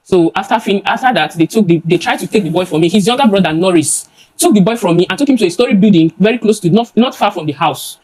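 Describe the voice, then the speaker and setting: A young woman with a Nigerian accent testifies before a judge, her words tumbling out fast. She stumbles, restarts and repeats herself as she gives her emotional account, her voice pitched in a middle range. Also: animated, a little mellow, breathy edge, low-quality recording.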